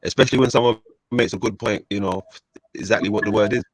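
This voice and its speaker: A young man chatting casually, excitable and quick to laugh. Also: fairly low pitch, no room sound. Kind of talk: casual chat.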